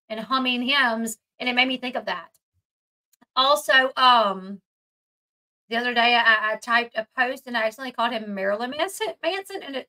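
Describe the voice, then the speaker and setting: Bright-voiced woman chatting casually. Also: a little high, poor audio. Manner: chatty, rambling with fillers. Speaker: true crime commentary host. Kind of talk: casual commentary.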